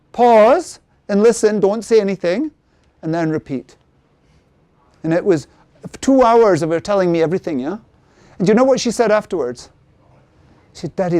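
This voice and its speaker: A middle-aged man presenting a sales workshop who keeps checking in with the audience through quick tag questions. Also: high voice, mellow, dry recording. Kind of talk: interactive seminar talk.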